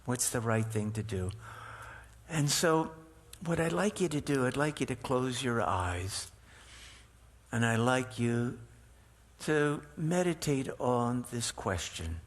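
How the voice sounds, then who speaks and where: Male clergyman, unhurried reflective sermon voice, mid pitch, some stumbles. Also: expressive. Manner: slow, reflective, with halting restarts. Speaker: rabbi. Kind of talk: sermon with storytelling. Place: synagogue sanctuary.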